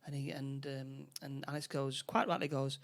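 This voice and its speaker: A man with a Northern English accent, co-hosting a podcast and retelling a film plot in a halting, restarting way. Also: mid-range voice, flat delivery, creaky, a bit bright. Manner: halting, many restarts, acts out character lines. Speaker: podcast co-host. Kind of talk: casual film recap chat.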